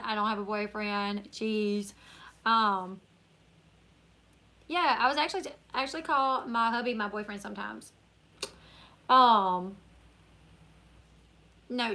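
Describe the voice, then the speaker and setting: Hosting a laid-back live-stream Q&A on YouTube, a weary Northern Louisiana woman with a country accent chats and reads out comments from viewers. She speaks in a fairly high, bright, pushed voice.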